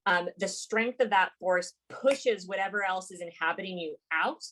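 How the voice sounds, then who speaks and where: Woman game master, halting narration. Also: lowish voice. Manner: relaxed, hesitant narration with many ums and likes.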